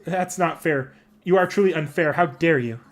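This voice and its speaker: A man's voice: on the high side, moderate pace, lightly acted. A man takes on a dramatic young woman warrior-emperor from a video game. The voice sits raised and showy, swinging between grand indignation and regal command. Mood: theatrical indignation. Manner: theatrical, indignant, flamboyant. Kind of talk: voicing game dialogue aloud.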